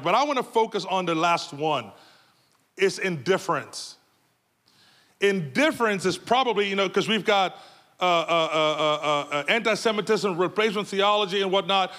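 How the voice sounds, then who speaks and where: A man's voice: high voice, fairly bright tone. A man preaching a sermon in a conversational, repetitive way with many fillers, making pleading, urgent appeals.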